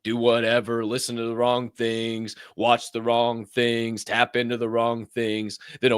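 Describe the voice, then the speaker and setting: A man's voice: mid-range voice, steady tone, moderate pace, clean tone, no echo, studio quality. A man hosting a motivational podcast, talking intensely and preachily and swearing freely. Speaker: podcast host.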